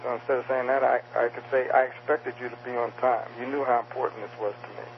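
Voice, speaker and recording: A man's voice: medium pitch, little pitch movement, quick pace, slight background noise. Hesitant man on a dull radio line. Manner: hesitant, many restarts and fillers. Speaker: author and guest. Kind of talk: interview explaining communication skills.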